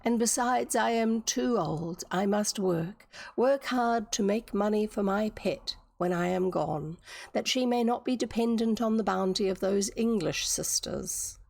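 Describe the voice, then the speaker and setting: A woman with a New Zealand accent, reading aloud as a frail, tender old clockmaker grandfather, speaking slowly and gently. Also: medium pitch, creaky. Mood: earnest. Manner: slow, gentle, earnest.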